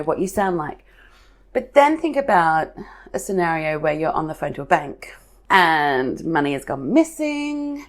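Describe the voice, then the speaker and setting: A woman hosting a marketing podcast who explains ideas in a chatty, lively way and leans on everyday examples. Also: medium pitch. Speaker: podcast host from a marketing agency. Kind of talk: casual explanatory talk.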